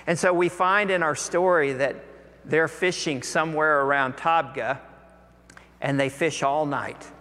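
A man preaches a sermon in a big church hall, and his voice carries a long reverb. His tone is bright and forceful, pitched a little high, and he tells the story with lively energy, acting out the voices of the people in it. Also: measured pace.

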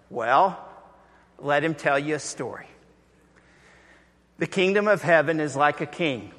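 A man preaching a sermon in a conversational, deliberate way, going soft for emphasis. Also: a little high, big-room sound. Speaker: pastor.

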